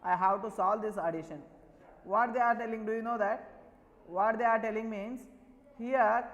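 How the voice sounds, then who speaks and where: A man's voice: high-pitched, bright, forceful tone, in a large hall, low-quality recording. A man with an Indian English accent teaching a maths lesson, repeatedly asking questions and answering them himself. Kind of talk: online classroom lesson.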